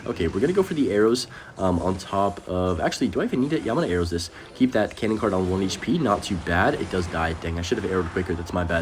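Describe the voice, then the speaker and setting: A young man giving live commentary over his own gameplay, excitable and chatty, addressing viewers directly. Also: deep voice, slight background noise. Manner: fast, excitable, talks to viewers as guys. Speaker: gaming commentator.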